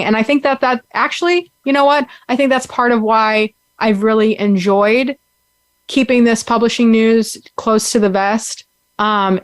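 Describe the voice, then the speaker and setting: A woman in her thirties hosts a live call-in show, chatting loosely and filling her sentences with ums and likes. Her voice sits at an ordinary middle pitch. The sound is dry and close, with almost no room around it. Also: clear, resonant tone, dry recording. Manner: warm, chatty, with fillers. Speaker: podcast host.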